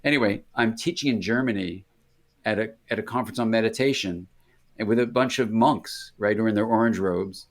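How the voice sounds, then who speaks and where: Older American man, lowish voice, rambling storyteller who breaks off mid-sentence and acts out quoted voices in a casual interview. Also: a little fast. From United States. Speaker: interview guest, psychiatrist.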